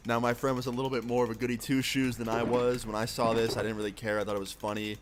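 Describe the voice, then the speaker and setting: A young adult man streamer telling a story in a casual, profane, animated way, with a noisy background of keyboard clicks. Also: mid-range voice, quick pace.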